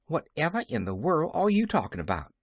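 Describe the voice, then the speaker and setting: A man voicing a flustered, excitable young woman servant who exclaims in rustic country speech. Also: on the high side, a little fast, no echo, voice pushed up, full character voice. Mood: fond.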